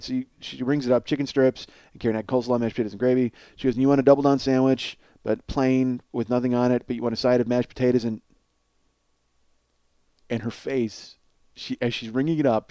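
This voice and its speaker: A man's voice: medium pitch, a little mellow, no room sound. Rambling, profane comic storyteller, a man. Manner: rambling, profane, self-mocking, laughs at own jokes. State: cold sore on face. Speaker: podcast host.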